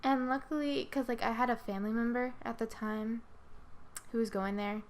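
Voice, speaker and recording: A woman's voice: a little high, steady tone, moderate pace, a little hiss or hum. A woman hosting a podcast in casual chat, telling long, rambling stories full of swearing and acted-out quotes. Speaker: podcast host.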